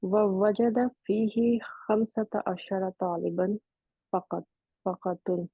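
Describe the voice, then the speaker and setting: A woman's voice: medium pitch, fairly even intonation, a little fast, no echo. Hesitant woman student over a phone-like line. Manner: hesitant, careful. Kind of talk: reading aloud and translating in class. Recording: dry, husky, phone-like call audio.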